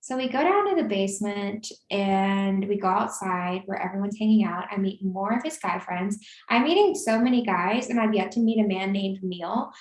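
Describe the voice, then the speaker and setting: A woman's voice: moderate pace, few pauses. A woman in her twenties telling a story in casual chat, acting out the voices of the people she quotes. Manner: animated, acts out quoted lines with rising pitch. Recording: roomy echo.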